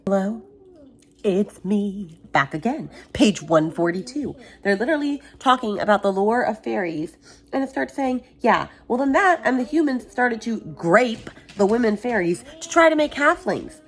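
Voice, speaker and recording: A woman's voice: mid-range voice, moderate pace, soft background music. Exasperated young woman ranting about a book. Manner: exasperated, animated, mocking quotes. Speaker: book vlogger. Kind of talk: casual reading vlog rant. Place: home hallway.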